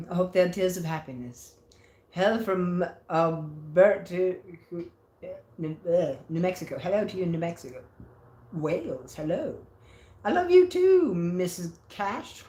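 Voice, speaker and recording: Chatty woman livestreaming in an echoey room. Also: fairly low pitch. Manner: chatty and playful, reads comments aloud and answers them. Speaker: livestreamer reading viewer comments. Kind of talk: casual livestream chat. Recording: roomy echo.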